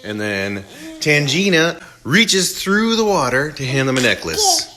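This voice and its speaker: Animated man recapping a movie plot. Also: a little high, measured pace. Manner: animated storytelling. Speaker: movie reviewer.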